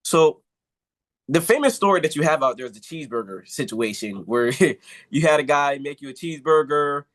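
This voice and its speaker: A man interviewing a guest, mostly nodding along with brief affirmations and asking halting questions. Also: a little high, expressive, a bit bright.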